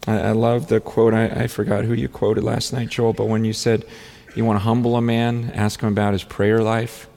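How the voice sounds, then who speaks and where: A man preaching a sermon in an earnest, halting way, with many restarts, often rising into fervent, pleading prayer. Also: on the low side, level tone, vocal fry, warm tone. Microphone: handheld or stand mic on stage. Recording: long hall reverb.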